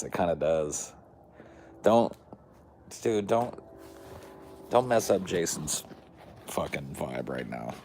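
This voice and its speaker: A man's voice: rumbling low, slight background noise. A man hosting a podcast in crude, rambling banter, cursing and saying "dude" and "like" a lot. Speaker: podcast host.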